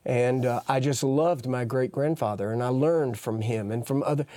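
A man's voice: mid-range voice, moderate pace, mellow, no room sound. An older man, a guest telling folksy stories and laughing as he goes. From East Texas. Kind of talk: storytelling testimony.

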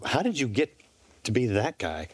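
A man's voice: mid-range voice, big pitch swings, husky, dry recording. Male TV host, dry close sound. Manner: friendly, halting questions with restarts. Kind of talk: casual studio interview. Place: TV studio set.

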